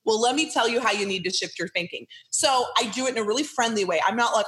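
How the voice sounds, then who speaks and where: Middle-aged woman, podcast guest, a touch high, lively storyteller who acts out quotes. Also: fast talker, few pauses. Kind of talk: casual interview chat.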